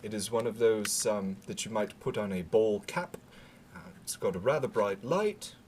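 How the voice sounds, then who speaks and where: A man speaking in a put-on British accent, rambling through a casual gear walkthrough with halting fillers and dry asides. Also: on the low side, a little mellow, a little hiss or hum. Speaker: gear demonstrator.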